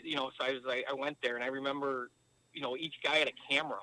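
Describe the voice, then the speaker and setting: Calling in remotely from his car, a male podcast guest tells rambling stories in casual chat, swearing heavily and leaning on filler words. His mid-range voice is steady yet sharp and rapid-fire, and the recording quality is low.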